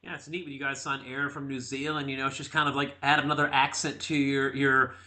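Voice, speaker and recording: A man's voice: medium pitch, flat delivery, quick pace, pushed and bright. A man hosting a sports interview show, chatting casually and often stumbling over repeated words.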